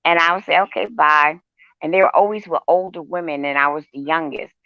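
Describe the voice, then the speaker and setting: A woman's voice: deep voice, quick pace, dry recording. A woman co-hosting a casual chat show, telling brash stories with laughter. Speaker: show co-host. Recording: dull lo-fi sound.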